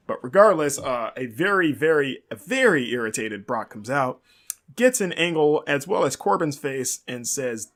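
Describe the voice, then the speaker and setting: Brief: male podcast host, slightly high voice, loose chatty recap, lots of "like" and "um". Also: a bit bright. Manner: rambling, leans heavily on "like" and fillers. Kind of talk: casual wrestling recap.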